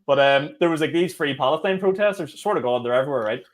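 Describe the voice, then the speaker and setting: A young Northern Irish man co-hosting a podcast, telling stories in rapid casual chat, swearing and acting out quotes. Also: on the high side, animated. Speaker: podcast co-host.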